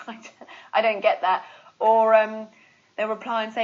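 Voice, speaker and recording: Young british woman chatting through an english lesson, expressive and playful, audio a bit muffled. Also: fairly high pitch. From Britain. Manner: chatty and expressive, quick laughs, playful mock examples. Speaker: English teacher. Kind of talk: casual lesson to camera.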